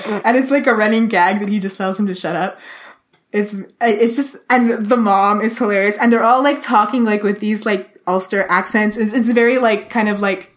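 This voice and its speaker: A woman's voice: medium pitch, fairly even intonation, normal speed. Gushing woman podcast co-host. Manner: enthusiastic, constant "like" fillers. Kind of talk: casual chat.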